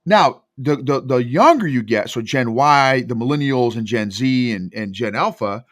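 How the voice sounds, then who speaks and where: A man's voice: medium pitch, normal speed, dry recording, studio quality. A man who coaches emotional intelligence, telling stories emphatically in a podcast interview. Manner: emphatic, animated storytelling.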